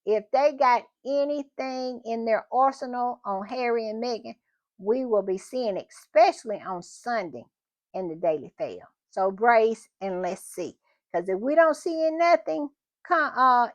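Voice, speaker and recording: A woman's voice: fairly high pitch, lively intonation, unhurried, no room sound, muffled recording. A woman hosting a casual commentary show, talking in a chatty, emphatic way and often repeating her phrases. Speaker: commentary channel host.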